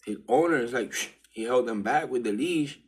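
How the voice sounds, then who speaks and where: Husky man telling a street story in slang. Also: medium pitch, brisk. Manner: loose street slang, drifts between hushed and excited. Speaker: vlogger. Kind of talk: casual spiritual storytelling monologue.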